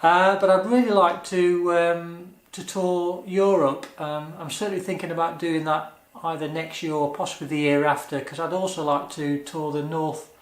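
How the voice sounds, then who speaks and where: A man chats through viewer questions in an easygoing vlog, earnest and a little hesitant with frequent ums. His voice sits slightly high for a man. The sound bounces around an echoey room. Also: steady tone, moderate pace, few pauses. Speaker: motovlogger answering viewer questions. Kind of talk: casual Q&A vlog.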